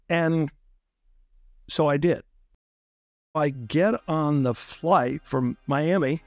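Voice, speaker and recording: Male interviewee, a lawyer recounting events, animated and dramatic, raised pitch, dead-dry recording. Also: very slow, pauses often, no echo. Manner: animated, acts out other people's lines. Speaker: lawyer recounting his own case. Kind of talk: interview storytelling.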